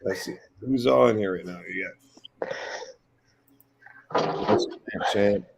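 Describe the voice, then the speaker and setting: A man's voice: on the low side, takes it slowly, vocal fry, a little hiss or hum, poor audio. A middle-aged man hosting a casual live stream, telling rambling stories in a blunt, profane way. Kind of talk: casual chat.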